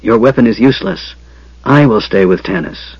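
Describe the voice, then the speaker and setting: A man voicing a secretive young mage in a soft whisper, as whispered role-play. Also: fairly low pitch, moderate pace, breathy edge, dry recording, highs cut off. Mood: cold.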